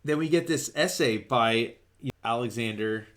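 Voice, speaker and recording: A man hosting a comic book podcast, retelling a story in a loose, excited way, full of fillers and restarts. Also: mid-range voice, a little slow. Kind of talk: casual comic book recap.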